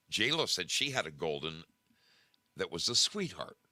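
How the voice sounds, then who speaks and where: Deep-voiced animated male livestream host. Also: slow, no room sound. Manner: animated, emphatic, repeats himself. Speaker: show host. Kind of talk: casual livestream chat.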